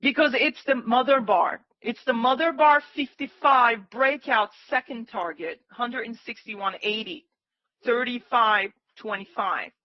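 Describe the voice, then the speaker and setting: In an unhurried, slightly high voice, a livestream day-trading host calls out price targets and excitably roots for the market, pleading with it to move. The audio is muffled, with no echo.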